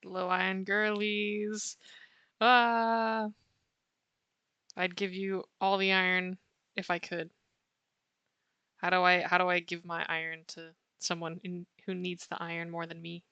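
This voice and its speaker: A woman with a bright, clear voice chats casually with her viewers while she sketches. She answers chat in a warm, playful way and laughs often. Her voice is close and dry, with soft clicking in the background. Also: on the low side, completely flat delivery, moderate pace, dry recording, dull audio. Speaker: art streamer.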